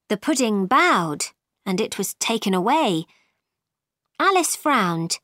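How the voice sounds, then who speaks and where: A woman reading a storybook aloud in a clear, expressive manner. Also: medium pitch, unhurried, no room sound, studio quality.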